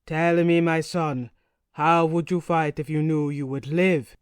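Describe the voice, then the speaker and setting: A woman voicing a gruff male Swedish oarsman with a Swedish accent, barking orders and chanting war verse in an audiobook. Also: deep voice, fairly even intonation, a little slow, no echo, clean studio sound. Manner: barked commands, chanting verse.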